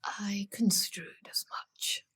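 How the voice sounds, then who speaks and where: A woman's voice: takes it slowly, a bit bright. Formal woman in whispered role-play. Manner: cool, formal in-character speech. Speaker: player.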